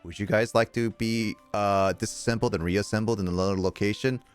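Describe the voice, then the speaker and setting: Low-voiced joking male streamer. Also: steady tone, a little fast, smooth, soft background music. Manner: joking, giggly, reads game text aloud. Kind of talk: casual livestream chat while playing.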